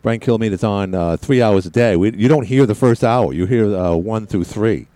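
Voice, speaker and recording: A man's voice: lowish voice, normal speed, dark tone, no room sound. A man hosting a radio talk show, telling a rambling, self-mocking story while a little out of breath. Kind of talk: casual radio monologue.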